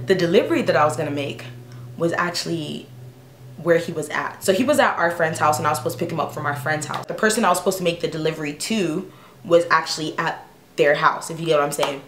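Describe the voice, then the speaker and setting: Animated woman vlogger in her twenties. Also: deep voice, quick pace, reverberant, slight background noise. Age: 20s. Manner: animated and exasperated, slangy. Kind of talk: storytime vlog.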